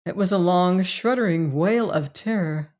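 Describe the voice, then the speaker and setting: A woman reading a classic mystery story aloud as an audiobook narrator, in a measured style. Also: lowish voice, a little mellow. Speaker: audiobook reader.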